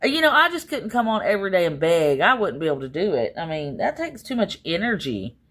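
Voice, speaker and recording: A woman's voice: on the low side, big pitch swings, fast talker, a bit bright. A woman chatting casually on a livestream, rambling and exasperated, with many fillers.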